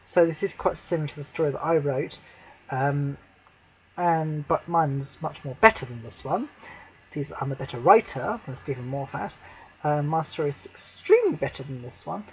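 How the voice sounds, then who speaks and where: A man ranting to camera as a fan, swearing a lot, rambling with many fillers, and breaking into shouted outbursts. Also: on the high side, lively intonation, moderate pace, poor audio. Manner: shouts and near-cries in outbursts. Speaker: vlogger.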